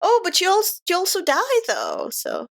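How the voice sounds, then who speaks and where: A woman co-hosting a podcast in casual chat, excitable and prone to wandering off onto tangents. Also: very high-pitched, normal speed. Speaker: podcast co-host.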